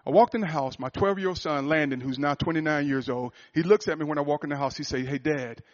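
Guy preaching, story sermon, kinda high voice, gets loud then real quiet, muffled lo-fi sound. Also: fast talker. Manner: swings from loud, rising fervor to hushed, quiet confession. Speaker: pastor.

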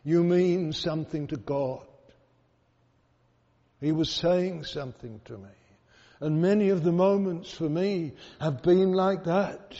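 Slow earnest man preaching in a hall. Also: a little high, warm tone. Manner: earnest, repeats phrases for emphasis, tells stories. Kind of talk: sermon. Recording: dull echoey hall recording.

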